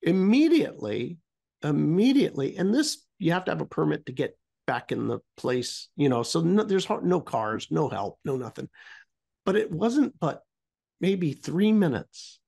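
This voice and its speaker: A man's voice: on the high side, sing-song, normal speed, vocal fry, darkish tone, slightly rough. A middle-aged man co-hosting a talk podcast, telling a story casually and rambling, trailing off often. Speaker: podcast co-host.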